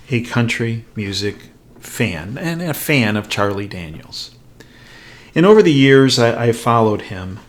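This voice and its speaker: A middle-aged man hosting a show, telling an anecdote in an animated way and acting out the quoted lines. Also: mid-range voice. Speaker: host. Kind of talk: storytelling commentary.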